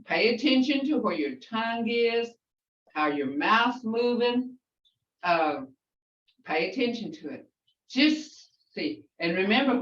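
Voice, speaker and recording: An older woman teaches a language class at an unhurried pace, repeating each sound patiently. Her voice comes from well back from the mic, in a roomy space, on a dull, lo-fi recording. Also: mid-range voice, a bit bright, distant mic.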